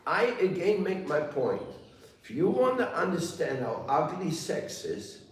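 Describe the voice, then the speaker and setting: Man, sermon, playful storyteller, slow, lively pitch, distant mic, very echoey room. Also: a little hiss or hum. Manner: playful, animated storytelling with mock voices and laughter. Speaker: spiritual teacher. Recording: roomy echo, heard from a distance.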